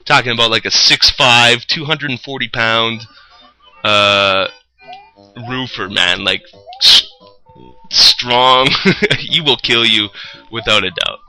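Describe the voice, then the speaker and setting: A young man tells a long, winding story from his working life, swearing freely as he goes. His voice has a sharp, bright edge. Faint music plays behind him. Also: medium pitch, slow, long pauses, rough recording. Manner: rambling, profane, animated retelling. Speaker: roofer telling a story. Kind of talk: casual storytelling.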